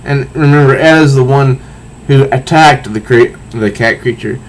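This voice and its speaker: A man casually reviewing a comic book, recounting panels in a halting way with repeated words. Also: medium pitch, low-quality recording.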